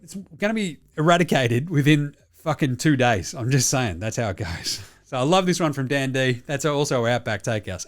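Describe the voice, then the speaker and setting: A man's voice: medium pitch, lively intonation, brisk, hardly any pauses. An Australian man hosting a solo sports talk show, bluntly rambling and swearing constantly as he reads out listener messages. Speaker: podcast host.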